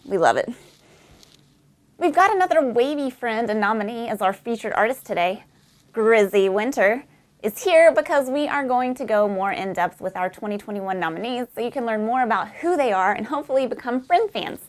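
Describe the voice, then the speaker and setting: A woman's voice: on the high side, lively intonation, normal speed. A woman in her thirties from Nashville hosting a music news show, reading her script with breezy, slangy asides. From Nashville, USA. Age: 30s.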